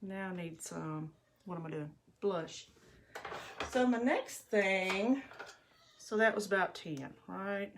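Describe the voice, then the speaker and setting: A woman's voice: medium pitch, takes it slowly, pauses often, noisy background. A middle-aged woman, telling stories in a rambling, chatty way to viewers while doing her makeup at home. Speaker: livestream host. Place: bathroom at home.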